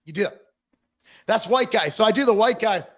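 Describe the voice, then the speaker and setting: A man ranting casually on a podcast livestream, profane and animated as he tells stories. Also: high voice, moderate pace. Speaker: podcast co-host. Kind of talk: casual political rant.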